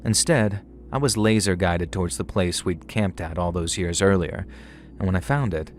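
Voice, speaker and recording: A middle-aged man narrating a scripted horror story in a measured, wry storytelling manner. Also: low voice, a little hiss or hum. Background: faint music.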